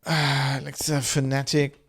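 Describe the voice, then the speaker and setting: A man's voice: medium pitch, completely flat delivery, unhurried, fairly bright tone, husky. A man streaming a game, rambling in loose, casual chat full of swearing and fillers. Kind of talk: casual chat while gaming.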